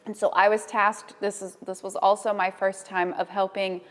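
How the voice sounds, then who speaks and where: A woman's voice: mid-range voice, flat delivery, moderate pace, long reverb tail. A woman, a foundation fellow, candidly recounting a stressful first event in a casual roundtable, often laughing.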